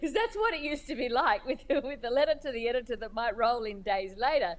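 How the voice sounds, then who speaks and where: A woman being interviewed as a cartoonist, speaking in a thoughtful, halting way as she searches for words. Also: a little high. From Australia. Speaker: cartoonist guest. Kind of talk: reflective interview talk.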